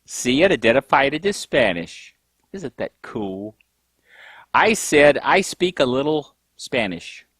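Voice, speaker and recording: A man's voice: mid-range voice, big pitch swings, takes it slowly, fairly bright tone, husky, no echo. A middle-aged man hosting a tech show, telling rambling self-mocking stories and laughing at himself. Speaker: tech podcast host. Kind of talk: casual tech show chat.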